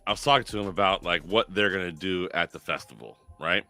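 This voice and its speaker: A man hosting a podcast in casual chat, animated and swearing freely. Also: low voice, fast, faint music behind. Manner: animated, swears a lot, quotes people in put-on voices. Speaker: podcast host, chef.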